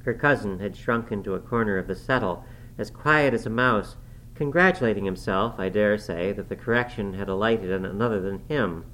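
A man reading a classic novel aloud in a measured, formal narrating manner. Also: on the low side, a bit bright, a little hiss or hum, poor audio. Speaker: audiobook narrator.

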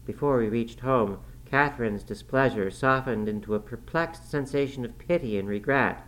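A man narrating a classic novel in the first person, steady and measured. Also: mid-range voice, low-quality recording. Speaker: audiobook narrator.

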